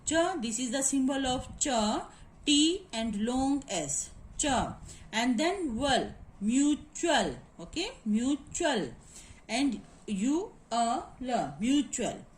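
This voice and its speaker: Slow high-voiced woman teaching phonetics. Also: sing-song, a little hiss or hum, low-quality recording. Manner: slow, repetitive spelling out of sounds and syllables. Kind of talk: phonetics lesson walkthrough.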